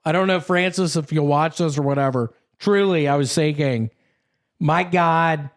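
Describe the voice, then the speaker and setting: A young man, a podcast co-host, telling a rambling story in casual chat and swearing freely. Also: fairly high pitch.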